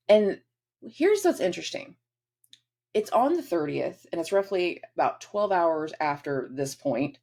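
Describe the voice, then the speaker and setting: A woman's voice: lowish voice, a little mellow. A woman hosting a casual astrology forecast, chatty and acting out quoted dialogue in different voices.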